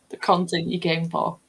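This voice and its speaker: A woman's voice: fairly low pitch, fairly bright tone, breathy edge. A young woman chatting cheerfully on a reading stream, swearing casually. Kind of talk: casual chat.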